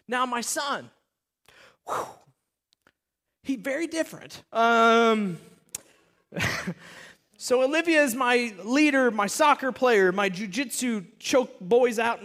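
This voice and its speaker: A pastor with a notably high voice delivers a sermon in an animated, storytelling style, speaking directly to his listeners.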